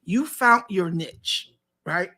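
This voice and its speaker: A lively man with a New York accent hosts with the swagger of an emcee, teasing and hyping up his guest. His voice is bright and ringing, and his pitch swings widely. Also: slow pace. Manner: hype emcee energy, teasing, laughs often. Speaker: host. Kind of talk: casual faith talk show chat.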